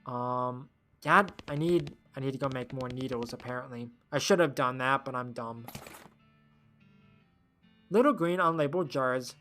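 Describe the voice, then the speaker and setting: A streamer playing a game who reads the text aloud, thinks out loud and often trails off with fillers. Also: medium pitch, moderate pace, pauses often, soft background music.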